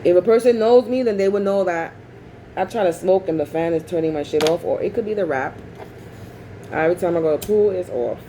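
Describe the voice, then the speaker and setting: A woman's voice: fairly low pitch, a little fast, warm tone, slight background noise, low-quality recording. A woman vlogger in a rambling casual monologue, talking bluntly and profanely.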